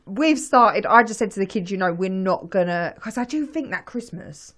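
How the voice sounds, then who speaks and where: A woman's voice: fairly high pitch, lively intonation, moderate pace, a bit bright. A woman, co-hosting a casual parenting podcast and chatting about family life. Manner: chatty, quotes people in put-on voices. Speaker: podcast co-host. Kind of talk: casual chat.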